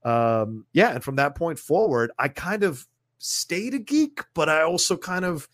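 A man who is a podcast guest, telling a personal story in a blunt, profane, animated way, recorded close to a studio mic. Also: fairly high pitch, a little slow, no echo. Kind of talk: casual storytelling in conversation.

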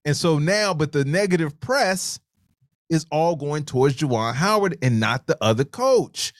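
A man's voice: on the high side, animated, moderate pace, dry recording, studio quality. A man co-hosting a live show, telling stories animatedly, swearing freely and reading out viewer comments. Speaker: livestream co-host.

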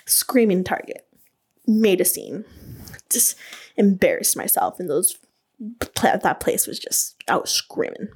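A woman hosting a podcast, telling her own story in a casual, animated way. She fills her talk with "like", laughs often and swears freely. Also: medium pitch, unhurried, long pauses, breathy edge. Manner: chatty and animated, many "like" fillers, laughs. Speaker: podcast host and beauty business owner.

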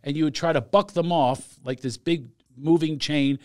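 Man podcast co-host, slightly high voice, dry close sound, playful and teasing. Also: moderate pace, a little mellow, dry recording. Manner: teasing, laughs often, reads definitions aloud. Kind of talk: casual comedic chat.

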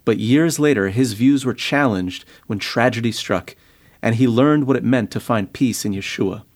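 A man's voice: medium pitch, normal speed. Man introducing a radio segment. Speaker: radio ministry host.

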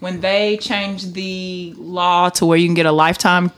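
A woman's voice: on the low side, flat delivery, measured pace, a bit bright. A woman, co-hosting a podcast in blunt, joking casual chat. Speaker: podcast co-host.

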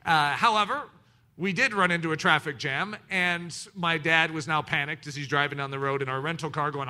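A middle-aged man preaching, telling personal stories in an animated, self-mocking way with sudden loud peaks. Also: on the high side, a little fast. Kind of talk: storytelling sermon.

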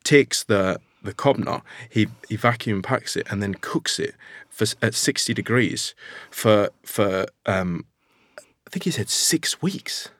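A man with a Northern English accent talks eagerly about his work on a podcast, often stopping to restart a thought. His voice sits low, and the sound is close and dry, with no room echo. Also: animated, unhurried, a bit bright. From Northern England. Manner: enthusiastic, many restarts and fillers. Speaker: nut producer and guest. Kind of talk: casual podcast conversation.

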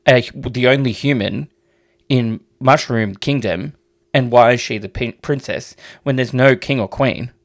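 A man's voice: mid-range voice, unhurried. A man co-hosting a podcast in casual chat, rambling and hesitant, swearing freely. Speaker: podcast co-host.

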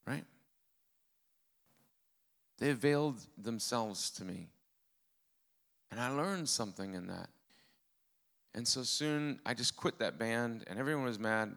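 A man's voice: on the low side, a little fast, gravelly, fairly bright tone. A man preaching a testimony sermon, telling his story in an earnest way with a dry, self-mocking humor.

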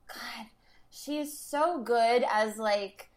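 A woman's voice: fairly high pitch, drawn-out words. A woman co-hosting a podcast, chatting casually about a film, gushing and laughing often with lots of fillers. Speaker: podcast co-host.

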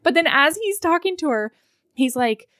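A woman co-hosting a casual book chat, frank and animated, acting out scenes as she retells them. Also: high-pitched, normal speed, no room sound, studio quality.

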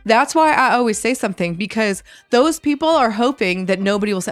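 A woman's voice: fairly high pitch, brisk, no echo, faint music behind. A woman co-hosting a podcast, sick and congested, ranting bluntly in casual chat and acting out what she would say to people. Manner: blunt, animated ranting with acted-out quotes. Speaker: podcast co-host.

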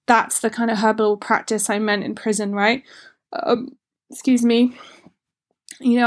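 A woman giving an informal workshop talk in a chatty, frank way, with loose run-on phrasing. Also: a little high. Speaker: workshop speaker.

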